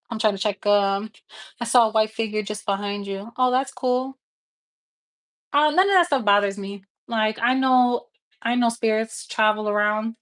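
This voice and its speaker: A woman giving a live tarot reading, talking to viewers in a casual, frank and encouraging way and swearing freely. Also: fairly high pitch. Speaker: tarot reader.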